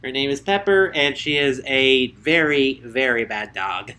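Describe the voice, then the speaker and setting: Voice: mid-range voice, measured pace, sharp tone. A podcast host chatting casually and jokingly, rambling with fillers. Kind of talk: casual chat.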